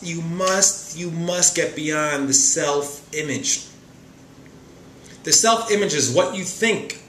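A man's voice: a little high, bright, forceful tone, roomy sound, slight background noise. A man giving a casual spiritual monologue from a chair at home, emphatic and repetitive, with frequent stumbling restarts. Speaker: spiritual talk host. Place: room in a home, seated on a chair.

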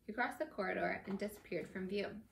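A woman reads a novel aloud in a relaxed, casual storytelling manner, occasionally tripping on a word and correcting herself. Her pitch is mid-range. The recording sounds echoey with faint background noise. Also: brisk, gravelly. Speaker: reader. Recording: echoey room.

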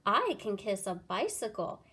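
A woman's voice: medium pitch, sing-song, unhurried, fairly bright tone, husky, exaggerated voice. A woman voicing a boastful, jealous fairy in a storybook read-aloud, screeching her claims. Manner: screeching, showing off.

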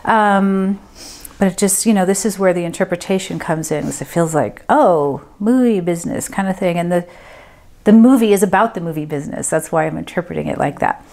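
A woman working as a medium, giving a group reading and thinking aloud in a casual, hesitant way with many pauses and fillers. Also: on the low side, vocal fry, mellow.

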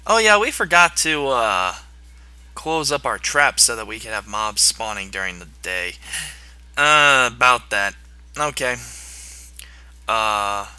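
A young man narrating his gameplay at an unhurried pace, breaking into playful taunts at the monsters. His voice is very bright and sharp. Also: medium pitch, big pitch swings, clear, resonant tone, dry recording. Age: young adult. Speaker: gaming video host. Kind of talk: gameplay commentary.

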